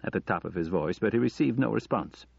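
A male audiobook narrator with a low, husky voice and a steady, measured delivery. The recording is dry and close, with a dull, lo-fi tone. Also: dry recording.

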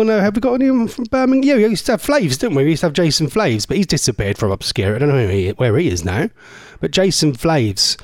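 A man's voice: medium pitch, dry recording, studio quality. A man with a strong Norfolk accent hosting a casual radio show, bantering with listeners in a jokey, mock-indignant, rambling way. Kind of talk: casual radio chat reading listener messages.

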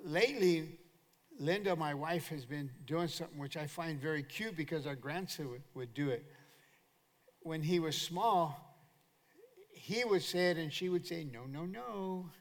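Older male pastor, high-pitched voice, animated call-and-response sermon, long hall reverb. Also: normal speed.

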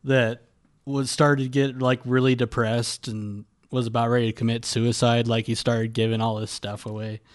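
A man chatting casually as a podcast guest, relaxed and a bit hesitant. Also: mid-range voice, moderate pace. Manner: relaxed, hesitant, many fillers. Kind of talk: casual chat.

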